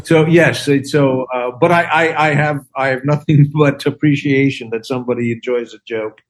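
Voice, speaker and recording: A man in his sixties, a comedian and actor, telling casual stories on a podcast and acting out the lines he quotes. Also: normal speed. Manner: animated storyteller who acts out quotes with big pitch jumps.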